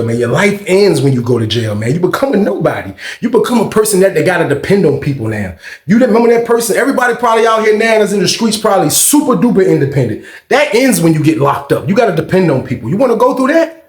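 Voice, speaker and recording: A man in his thirties recounts a prison story in a loose, profane, storytelling way. His voice sits a little high and swings widely as he acts out the people in the story. The room around him is echoey. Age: 30s. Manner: animated, swearing, acts out shouts and screams of others. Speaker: storyteller host.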